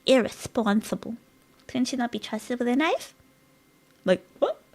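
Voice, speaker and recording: A woman's voice: a little high, big pitch swings, unhurried. Casting note: woman streamer, giggly and playful, casual gaming chatter. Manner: giggly, laughs often, playful. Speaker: live streamer. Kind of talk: casual live-stream chat while gaming.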